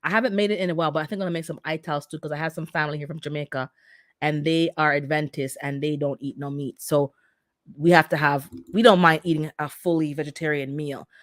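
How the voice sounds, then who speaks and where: A woman's voice: low-pitched, fairly even intonation, fast, dry recording, studio quality. A middle-aged woman who immigrated to North America, hosting a casual livestream and chatting back to her viewers' comments. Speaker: livestream host reading the chat.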